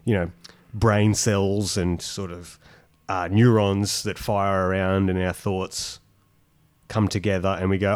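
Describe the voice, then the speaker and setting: A man's voice: low voice, level tone, slow pace, darkish tone, clean tone. A man co-hosting a casual chat, reading out a thread and mocking it sarcastically. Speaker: podcast co-host.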